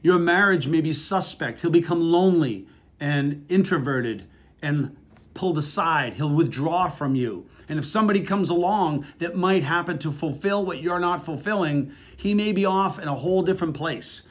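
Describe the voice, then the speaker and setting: A middle-aged man talks straight to the camera about marriage in a blunt, crude, animated way, swearing freely. His voice sits a little higher than most men's. He speaks like a motivational speaker giving a casual talk. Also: normal speed. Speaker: relationship speaker.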